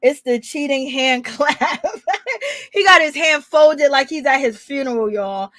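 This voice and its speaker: A woman's voice: sits high, a little slow, fairly bright tone, no room sound. A woman hosting a gossip channel, chatting casually and teasing with frequent laughter. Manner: laughs often, sassy and teasing.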